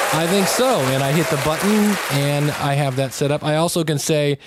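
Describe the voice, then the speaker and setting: A man's voice: on the high side, a little fast, hardly any pauses, crowd noise, background noise. A man hosting a podcast, demonstrating gear in a chatty, wry and upbeat way. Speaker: podcast host. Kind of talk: casual gear demo.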